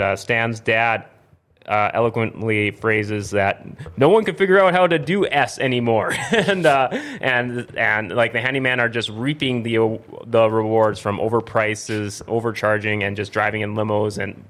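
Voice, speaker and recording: A man's voice: medium pitch, a bit bright. A man co-hosting a casual review podcast, loosely recapping a cartoon episode and often stopping to restart his sentences. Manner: rambling, stops and restarts while recapping. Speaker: podcast co-host.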